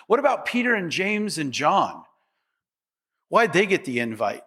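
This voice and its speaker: A man's voice: sits high, sing-song, unhurried, bright, forceful tone, breathy edge. A middle-aged man preaching a sermon as pastor, conversational and humorous, with asides to the congregation.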